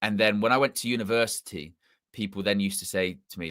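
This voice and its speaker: A man with a mixed English accent hosts a casual football fan live stream. His voice sits a little low but comes across bright and forceful. The sound is dry and close, and he rambles, repeating and correcting himself as he talks. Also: fairly even intonation, fast, dry recording. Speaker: football channel host.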